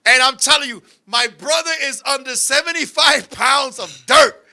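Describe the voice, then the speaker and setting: A man with a strikingly high, sharp, bright voice hosts a casual show. He tells stories in a loud, animated, profane way and often breaks into shouts. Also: normal speed. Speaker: show host. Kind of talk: comedic storytelling chat.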